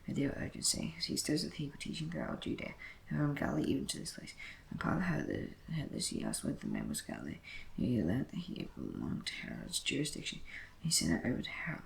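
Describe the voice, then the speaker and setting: A man reading scripture aloud in a brisk way, often slipping and correcting himself as he goes. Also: mid-range voice, huge pitch swings, creaky, slight background noise, low-quality recording. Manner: brisk reading with frequent slips and self-corrections. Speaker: Bible reader.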